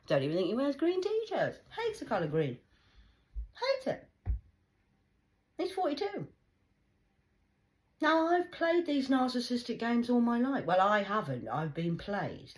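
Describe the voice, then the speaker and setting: A woman's voice: fairly high pitch, very animated, a little slow, long pauses. A woman in her forties ranting bluntly in a heated casual monologue, swearing often. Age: 40s. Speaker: vlogger.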